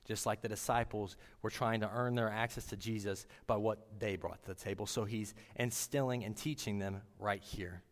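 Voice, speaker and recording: A man's voice: lowish voice, fairly even intonation. Earnest man preaching in a reverberant room. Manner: earnest, halting, with frequent restarts. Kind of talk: sermon.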